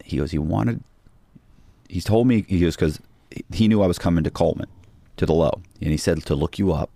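Middle aged guy rambling thru a story on a podcast, deep voice, dry mic, keeps restarting. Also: vocal fry, dark tone, no room sound. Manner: rambling, restarts, acts out quoted dialogue. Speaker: podcast guest. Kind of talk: casual storytelling.

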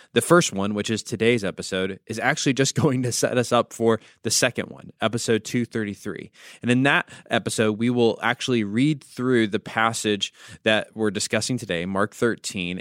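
A man's voice: on the low side, dry recording, clean studio sound. A man hosting a devotional podcast, teaching with storytelling and wry asides. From United States. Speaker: podcast host.

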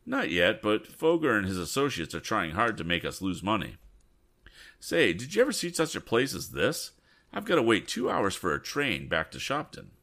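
A man voicing a cheerful young male bank cashier in a storybook reading, with a raised, lively voice. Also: on the low side, moderate pace, voice pushed up, exaggerated voice.

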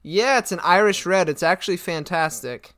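A man's voice: sits high, moderate pace, fairly bright tone. Laughing, chatty young man co-host. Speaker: podcast co-host. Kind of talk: casual chat.

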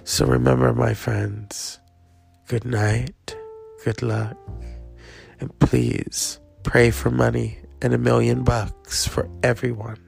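A man's voice: mid-range voice, little pitch movement, slow pace, creaky, a little mellow, faint music behind. A man hosting his own podcast, talking casually in a rambling, jokey, self-mocking way. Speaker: podcast host. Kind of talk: casual solo podcast monologue.

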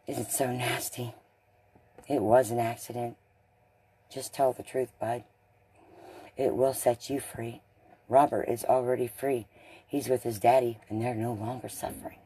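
Smooth, dark-voiced man, blunt. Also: medium pitch. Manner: blunt and profane, swinging between loud and hushed. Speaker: speaker in a recorded video message. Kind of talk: emotional monologue addressed to others.

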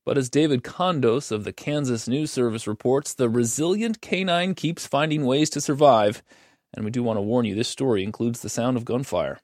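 A man as a news anchor, introducing a report in a crisp, formal announcer manner. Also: mid-range voice, moderate pace, a little mellow, no echo, studio quality.

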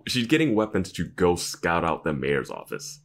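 A man's voice: low-pitched, big pitch swings, moderate pace, gravelly. A man co-hosting a podcast who chimes in with jokey comments during a casual chat. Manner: jokey, chiming in with comments and laughs. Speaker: podcast co-host.

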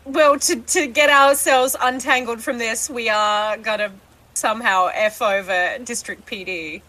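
A woman's voice: on the high side, unhurried, pushed and bright, a little hiss or hum, poor audio. A woman playing a tabletop game, chatting casually and laughing often. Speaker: player.

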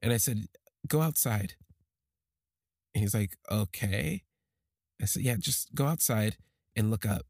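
A man telling a personal story on a podcast, halting and emotional, with many restarts. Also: fairly low pitch, vocal fry, a little mellow, no room sound, studio quality.

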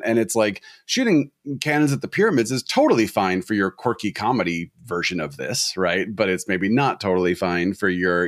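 A man's voice: lowish voice, lively intonation, a little fast, few pauses, dry recording, clean studio sound. A man co-hosting a film podcast, talking casually in a wry, rambling, analytical way. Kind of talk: casual discussion.

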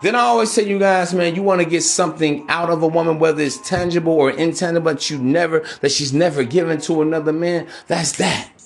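A man's voice: fairly high pitch, fairly even intonation, quick pace, vocal fry, hardly any pauses, faint music behind. A man hosting a podcast, giving relationship advice in a casual, profane, preachy monologue that keeps calling his listeners bro. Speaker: podcast host.

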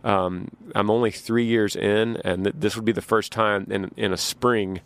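A man hosts a podcast, spinning rambling, folksy stories full of restarts. His voice sits low, and it is recorded dry and close with no room sound. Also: steady tone, moderate pace, fairly bright tone, no echo. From Texas. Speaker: podcast host. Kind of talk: casual storytelling.

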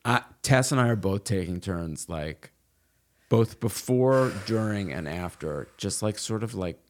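A man's voice: on the low side, lively intonation, measured pace. Rambling man telling a story. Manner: rambling storyteller, many fillers and restarts. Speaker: guest. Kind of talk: casual chat.

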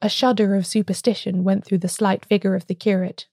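A woman narrating a story in a steady, even reading style. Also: mid-range voice, brisk, no room sound, clean studio sound. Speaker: audiobook narrator. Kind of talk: scripted narration.

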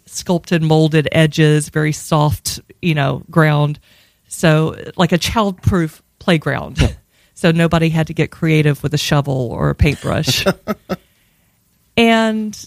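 A woman's voice: sits low, creaky, no room sound. A woman with a Southern US accent telling a wistful personal story in a reflective, drawling way.

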